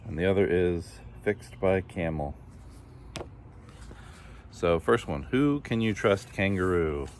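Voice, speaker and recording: Low-voiced man reading a children's story. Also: lively intonation, slow pace, pauses often, a little mellow, slight background noise. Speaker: storybook reader.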